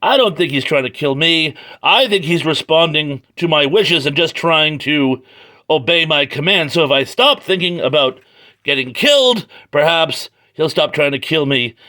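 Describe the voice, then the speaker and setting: A man's voice: fairly high pitch, expressive, moderate pace, sharp tone. A man doing a musing comic-book scientist. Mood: thoughtful. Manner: pondering, reasoning aloud.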